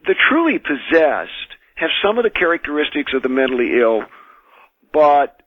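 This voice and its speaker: An American minister and exorcist, a man, telling his experiences as a radio guest in an earnest, measured way, often restarting his sentences. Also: on the high side, sing-song, dry recording. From United States. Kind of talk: radio call-in interview, recounting experiences. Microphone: telephone. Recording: tinny phone line.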